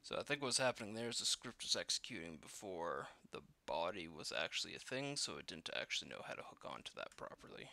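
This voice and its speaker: A man's voice: low-pitched, very animated, fast talker, vocal fry, few pauses, sharp tone. A man walking through code as he builds a game, thinking aloud with lots of fillers and self-deprecating asides. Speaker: programmer live-coding a game. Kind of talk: casual coding walkthrough.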